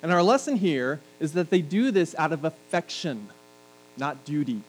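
A man in middle age delivers a sermon in a slightly high voice. He speaks conversationally and drops in jokes and asides to the congregation. A faint electrical hum runs under the recording. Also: sing-song, normal speed, poor audio. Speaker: pastor.

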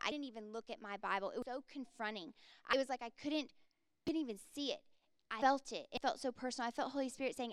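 A woman's voice: fairly high pitch, clean tone, no room sound. A woman in her thirties preaching a sermon as a pastor, earnest and conversational, with frequent casual fillers.

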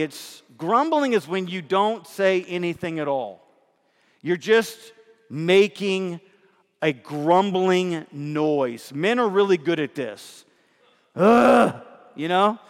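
High-voiced man preaching in a reverberant hall. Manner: conversational preaching with rhetorical questions to the congregation. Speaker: pastor. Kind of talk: sermon.

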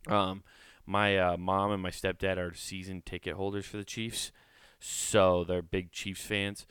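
A man's voice: low voice, flat delivery, a little slow, fairly bright tone, clear, resonant tone, no echo. A man hosting a solo podcast, talking close to a microphone in a rambling, joking way and swearing freely. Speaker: podcast host. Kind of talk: casual solo podcast chat. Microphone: close studio microphone.

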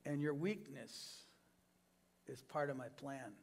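A man preaching to his congregation, acting out quoted lines with big swings in pitch and loudness. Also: animated, slow, a little hiss or hum. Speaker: pastor. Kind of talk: sermon.

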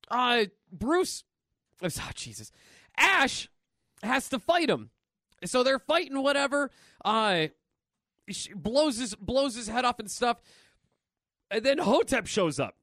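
A man co-hosting a casual comic book podcast, retelling a story in an excited, rambling way with many fillers. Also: very high-pitched, dry recording, studio quality. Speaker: podcast co-host.

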